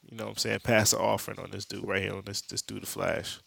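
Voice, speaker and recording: A man's voice: lowish voice, flat delivery, quick pace, gravelly, fairly bright tone, husky, no echo. A young man hosting a podcast, recapping a comic book story in streetwise slang with jokes and lots of profanity. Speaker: podcast host.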